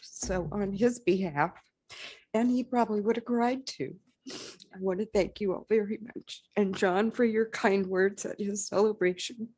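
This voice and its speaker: A woman's voice: mid-range voice, unhurried, darkish tone, breathy edge. A woman with a mid-range voice gives short thanks at a public meeting. She speaks with emotion and some hesitation, and her tone is heartfelt. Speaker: widow of honoree. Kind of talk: brief thank-you remarks.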